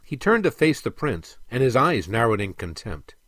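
A man narrating a storybook in an expressive, dramatic reading. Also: medium pitch, moderate pace, no echo.

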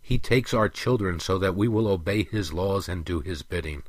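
A man reading the part of a stern, weary elf king who lectures his son in a firm, measured way. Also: deep voice, dry recording. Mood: earnest.

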